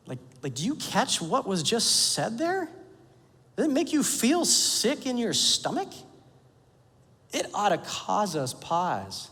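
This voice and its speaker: Animated pastor preaching in a reverberant hall. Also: male voice, sits high, takes it slowly. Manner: animated, jokey storytelling with playful quoted voices. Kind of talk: sermon. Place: church sanctuary.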